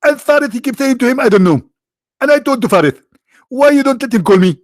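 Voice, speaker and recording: A man doing a shrill, excitable preacher. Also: fast, dry recording, clean studio sound. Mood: mocking. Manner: shrill, declaiming, mocking impression. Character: excitable high-pitched male preacher addressing followers.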